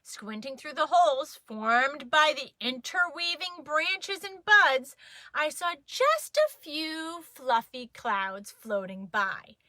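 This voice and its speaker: A woman reading a children's story aloud, playful and expressive. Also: high voice, slow pace, no room sound.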